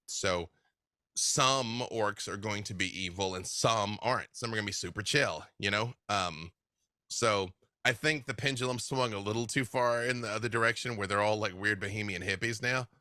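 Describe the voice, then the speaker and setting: Animated man with a bright, dry voice. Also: lowish voice, no echo. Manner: animated storyteller, laughs often. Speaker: guest game master. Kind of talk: casual interview chat.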